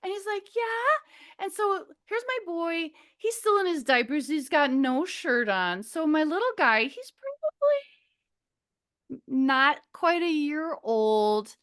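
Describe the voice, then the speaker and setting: Middle-aged woman, from Minnesota, high voice, rambling storyteller, acts out what people said. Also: a little slow. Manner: rambling, animated, searches for words, acts out quotes. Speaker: podcast guest. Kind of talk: casual storytelling.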